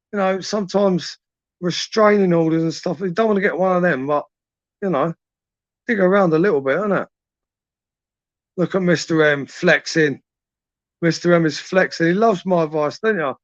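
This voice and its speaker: A man's voice: a little high, no room sound. Crude laddish man, lo-fi stream. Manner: crude, laddish banter with viewers. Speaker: livestream host reading chat. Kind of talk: late-night live chat.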